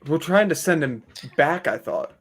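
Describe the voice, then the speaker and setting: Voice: medium pitch, expressive, normal speed. A young adult player in a tabletop game who jokes and swears casually while chatting at the table. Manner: joking, profane banter.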